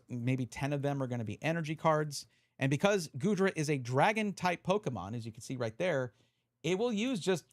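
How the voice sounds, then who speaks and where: Lively hiccuping man explaining cards. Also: mid-range voice, no room sound, clean studio sound. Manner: chatty, explains card rules while sorting. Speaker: streamer reviewing trading cards. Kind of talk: casual live-stream chat.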